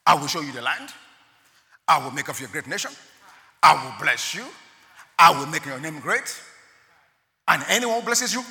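A man delivers a sermon in a high, very bright voice. His delivery is animated, leaping between loud emphatic rises and quiet drops. The sound carries a long hall echo. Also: moderate pace, gravelly, long pauses. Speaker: preacher.

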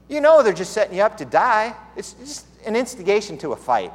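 A man's voice: sits high, very animated, fairly quick, few pauses. A man preaching a sermon in a conversational storytelling way, with playful asides. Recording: long hall reverb.

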